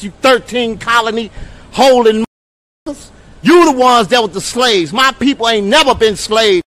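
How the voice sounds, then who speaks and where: A man in a heated street confrontation, shouting and taunting with profane insults. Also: extremely high pitch, moderate pace. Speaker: man confronting police officers.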